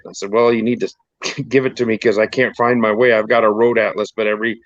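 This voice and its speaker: A man's voice: on the low side, flat delivery, quick pace, dry recording. A man from the United States telling casual road-trip stories in a rambling way, laughing as he goes. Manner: rambling storyteller, laughs often. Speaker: podcast host. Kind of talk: casual chat. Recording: dull lo-fi dry recording.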